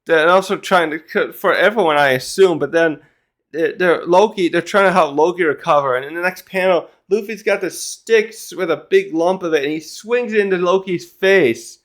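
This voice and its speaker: A man's voice: sits high, moderate pace. A man giving a casual manga chapter review who rambles, gets sidetracked and swears casually.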